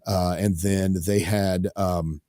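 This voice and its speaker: A man's voice: low voice, fairly even intonation, slow, warm tone, no room sound, studio quality. A man hosting a talk radio show, chatting casually and rambling with lots of fillers.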